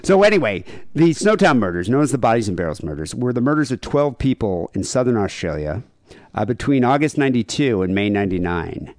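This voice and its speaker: A man's voice: medium pitch, very animated, fairly quick, darkish tone, no room sound. A man hosting a podcast, chatting casually and reading out case notes with wry, dry commentary. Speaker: podcast host.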